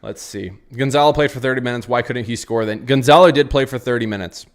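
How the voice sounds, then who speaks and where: A man's voice: medium pitch, fast. A young man hosting a live post-match football reaction, frustrated and rambling, repeating himself as he answers chat comments. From United States. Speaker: football channel host.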